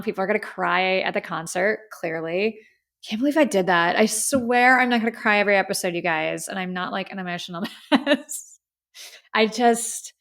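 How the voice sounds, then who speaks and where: A woman's voice: mid-range voice, a bit bright. A woman hosting a casual music review podcast, talking in an effusive, heartfelt way and often saying "like.". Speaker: podcast host.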